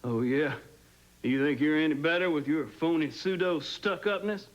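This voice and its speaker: A man's voice: on the high side, normal speed, muffled recording, natural voice. A man doing a brash Southern good ol' boy. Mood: taunting. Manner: boastful, folksy, swaggering. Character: brash crude Southern alter ego, grown man. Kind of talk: soap opera acting.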